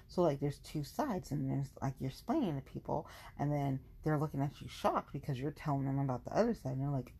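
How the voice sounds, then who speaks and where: A woman's voice: deep voice, brisk, creaky, hardly any pauses, dark tone, slightly rough. A woman in a casual venting monologue, blunt and profane, repeating lines for emphasis.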